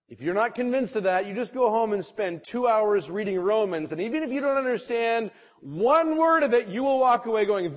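A man's voice: high voice, big pitch swings, moderate pace. A man preaching a sermon, emphatic and rhetorical, slipping briefly into mocking voices of the people he quotes. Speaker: pastor. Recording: dull lo-fi sound.

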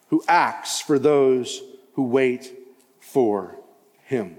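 A man preaching a sermon as pastor, impassioned and rising to loud emphatic cries. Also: medium pitch, slow pace. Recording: long hall reverb.

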